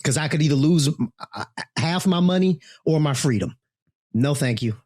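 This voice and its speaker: A man's voice: on the high side, expressive, moderate pace, a little mellow, dry recording, studio quality. A man co-hosting a casual chat show, talking bluntly with profanity and jokes. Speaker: co-host.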